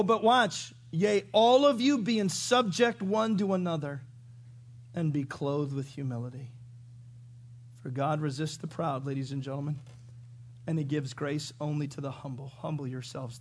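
Animated, higher-voiced man preaching a sermon. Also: slight background noise. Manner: animated, acts out quotes with sudden loud shouts. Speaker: pastor.

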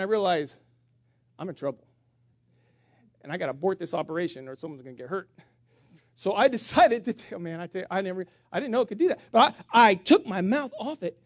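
A middle-aged man preaching, telling a story on himself with big swings between loud outbursts and quiet asides. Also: high voice, dry recording, clean studio sound. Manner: animated, self-mocking storyteller with voice swings. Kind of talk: sermon storytelling.

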